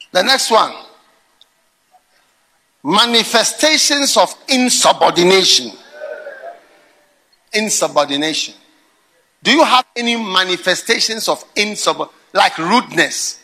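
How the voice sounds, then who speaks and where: A man preaching a sermon, telling stories and swinging between quiet musing and loud exclaiming. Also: high voice, animated, unhurried, pauses often, rough recording. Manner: storytelling with acted quotes.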